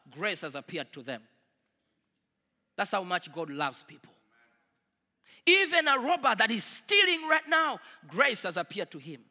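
High, bright-voiced preacher in a hall. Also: male voice. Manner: preaching with big swings from loud declarations to quiet asides. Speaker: pastor. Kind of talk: sermon.

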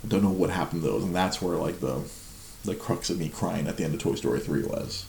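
A man's voice: sits low, fairly quick, gravelly, a little mellow, echoey room, a little hiss or hum. A man in his forties chatting casually at home at night, laughing a lot and mocking himself. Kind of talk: casual chat.

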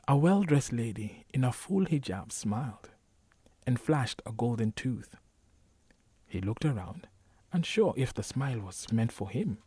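A man reading a novel aloud as a narrator, measured and unhurried, sometimes dropping to a whisper. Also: medium pitch, very animated, dark tone, husky, no room sound. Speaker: audiobook narrator. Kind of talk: scripted narration.

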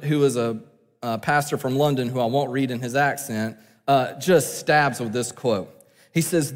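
In a church sanctuary, a pastor with a mid-range voice preaches from the pulpit, earnest and building to emphatic peaks, his words trailing into a long reverb tail.

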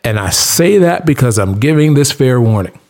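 A man's voice: medium pitch, expressive, moderate pace, a little mellow. Blunt man lecturing with emphatic repeats. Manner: blunt, preachy, emphatic repetition. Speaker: vlogger giving tips. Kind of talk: casual monologue to camera.

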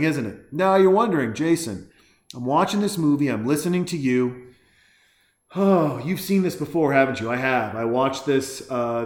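Brief: mid-pitched man, crude and sarcastic, rambling movie commentary, roomy sound. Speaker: movie reaction host. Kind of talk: casual ranting movie commentary.

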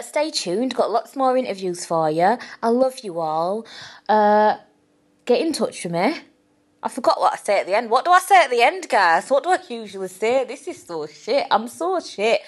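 Rambling, giggly young woman podcaster. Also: a little high. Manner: rambling, self-mocking, swears freely, giggly. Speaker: podcast host. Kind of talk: casual solo podcast outro.

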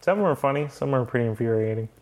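A man's voice: medium pitch, very fast, darkish tone, a little hiss or hum. A young man hosts a casual podcast chat. He tells his story in a heated, profane way, swearing freely as he goes. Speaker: podcast host.

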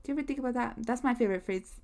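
A woman's voice: a little high, racing, gravelly, a little mellow. A young woman hosting a casual solo podcast, chatty and rambling with lots of fillers. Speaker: podcast host.

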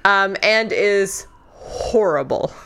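A woman's voice: mid-range voice, takes it slowly, a bit bright, slight background noise. Wry woman podcast co-host. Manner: wry, exasperated, acts out characters. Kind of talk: casual book discussion.

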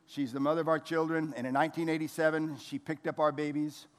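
A man's voice: on the high side, flat delivery, fast talker. A man in his sixties, from the United States, preaching a folksy, joking sermon as a pastor in a church hall.

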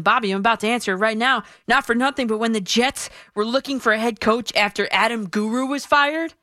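A woman's voice: fairly high pitch, sharp tone, dry recording, studio quality. Emphatic woman sports radio host. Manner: emphatic, punchy delivery. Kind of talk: opinionated sports radio talk.

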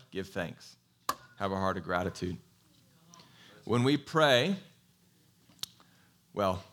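A man preaching a sermon in a conversational, animated way, telling a Bible story and asking his congregation questions. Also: fairly low pitch, gravelly. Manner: animated storytelling, acts out quoted voices. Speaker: pastor.

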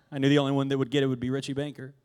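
A man's voice: medium pitch, flat delivery, fast talker, darkish tone, clear, resonant tone. A man preaching a casual sermon, retelling a Bible story with jokes and asides. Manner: casual and joking, laughs between lines. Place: church hall.

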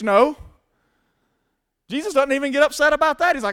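A pastor preaches in a casual, emphatic way. His voice sits very high for a man. He addresses a congregation directly in a sermon. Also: brisk, fairly bright tone.

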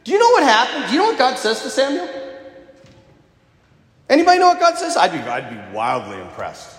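A man preaching to a congregation in a high, animated voice that leaps up and drops low. He slips into voices for the figures he quotes and keeps asking the room questions. The sound rings through a big, echoey church. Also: a little fast. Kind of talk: sermon. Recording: echoey church with long reverb.

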